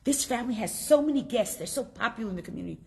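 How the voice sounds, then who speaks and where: A woman teaching a class, telling a story and asking her students questions in a lively way. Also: a little high, very fast, creaky.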